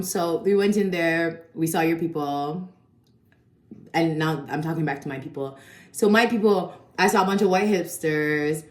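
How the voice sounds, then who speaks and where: A woman giving a casual, chatty film review full of slang and swearing. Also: lowish voice. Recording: echoey room.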